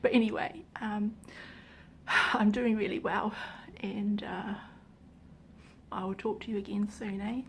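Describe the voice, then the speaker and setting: In a casual personal vlog, a woman speaks to camera with a medium-pitched, fairly even voice at an unhurried pace, over slight background noise. She is earnest and emotional, her voice sometimes dropping to a near-whisper.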